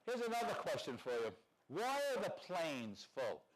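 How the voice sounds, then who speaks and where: A man's voice: a little high, big pitch swings, moderate pace, low-quality recording. Wry older man telling stories. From New York. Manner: wry, storytelling, acts out dialogue. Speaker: conference speaker. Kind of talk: conference talk.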